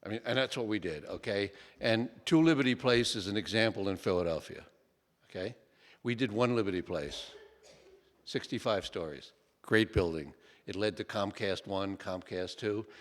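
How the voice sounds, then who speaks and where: Older man telling stories in a hall. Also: lowish voice. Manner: folksy, repeats "okay?", frequent restarts. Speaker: author speaking at a book talk. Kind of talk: relaxed anecdotal talk to an audience. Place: lecture hall. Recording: long hall reverb.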